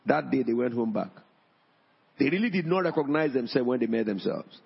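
Gravelly preacher in an echoing church. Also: male voice, animated, fairly quick. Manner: emphatic, rising pitch on key points. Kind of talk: sermon. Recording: dull sound in a long-echo hall.

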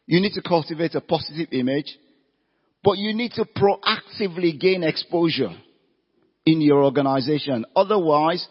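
Fairly high-pitched and husky, a man speaks at normal speed while presenting an evening career seminar with slides. He keeps throwing rhetorical questions at the crowd and stressing what matters. Expect an echoey hall and dull, lo-fi recording quality.

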